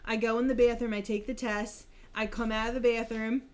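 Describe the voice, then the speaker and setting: A young woman co-hosting a podcast, chatting casually and telling lively family stories. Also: a little high. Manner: animated storyteller, chatty and quick to laugh. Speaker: podcast co-host. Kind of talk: casual chat.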